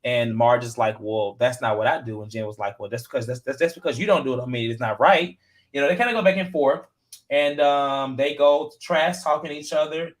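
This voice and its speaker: A podcast co-host with a mid-range voice talks briskly on a casual reality TV recap show. He's chatty and animated, using lots of fillers and retelling quotes.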